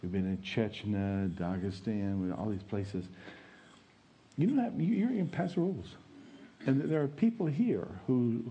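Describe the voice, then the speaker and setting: A man's voice: mid-range voice, mellow, husky. A middle-aged man, an interim pastor, giving an informal, chatty sermon full of fillers and storytelling. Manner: folksy and chatty, many fillers, chuckles at own stories.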